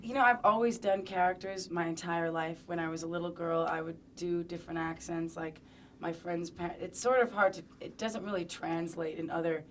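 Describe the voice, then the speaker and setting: Young woman in a sit-down interview, kinda low voice, playful and chatty, pokes fun at herself. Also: fairly even intonation, normal speed, a little hiss or hum. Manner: playful, chatty, self-mocking. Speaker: interviewee, singer.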